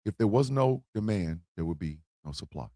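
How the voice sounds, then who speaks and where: A man's voice: fairly low pitch, animated, normal speed, dark tone, no echo, studio quality. A man hosting a livestream, delivering a blunt political monologue with emphatic repetition and swearing. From United States. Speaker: host.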